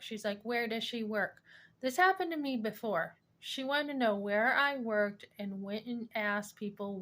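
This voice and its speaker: Rambling woman venting about family. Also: medium pitch. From New Hampshire. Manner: animated, rambling, defensive storytelling with many fillers. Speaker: vlogger. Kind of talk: casual personal rant.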